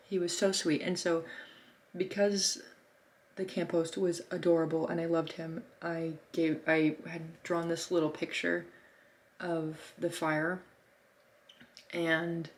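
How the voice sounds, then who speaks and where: A young woman artist telling a casual travel story in a chatty way, full of fillers and acted-out quotes. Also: on the low side. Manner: chatty, lots of fillers, acts out quoted voices. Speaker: artist vlogger.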